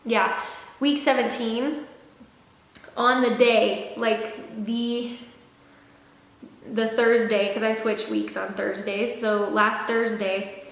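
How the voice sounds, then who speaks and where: A young woman talks through a casual pregnancy update in a fairly high voice, rambling with lots of fillers and restarts. She sounds a little short of breath. The room is very echoey, and a long reverb trails after her words. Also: fairly bright tone. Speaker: vlogger.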